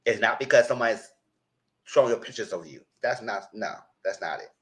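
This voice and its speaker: Male reality-TV commentator, lively sassy delivery with big pitch swings, casual live chat. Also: a little fast. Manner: animated, sassy, frequent squealing jumps in pitch when mimicking. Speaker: commentator reviewing a reality show.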